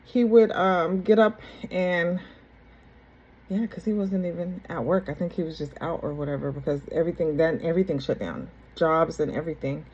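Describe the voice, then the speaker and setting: A woman's voice: on the low side, normal speed, darkish tone, breathy edge, dull audio. A young adult woman telling her own story to her viewers in a loose, rambling way, repeating herself and restarting her sentences. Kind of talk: casual personal storytelling to camera.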